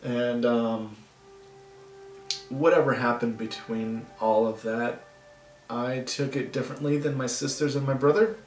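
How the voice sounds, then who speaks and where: A man vlogging to the camera, talking in a soft, halting way with nervous laughs and long pauses. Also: medium pitch, steady tone, echoey room, distant mic, soft background music, rough recording. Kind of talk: personal vlog talking to camera.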